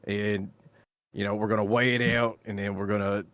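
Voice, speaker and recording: A man playing a smooth-talking male con artist posing as an official, breezy and overly polite. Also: fairly low pitch, little pitch movement, moderate pace, a bit bright, no room sound, clean studio sound. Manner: breezy and overly polite, keeps saying "mate".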